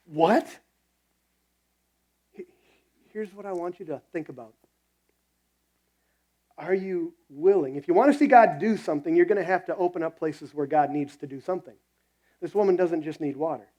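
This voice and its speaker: A man's voice: fairly high pitch, mellow, rough recording. A man preaching a sermon as pastor, talking conversationally and telling stories with quoted voices.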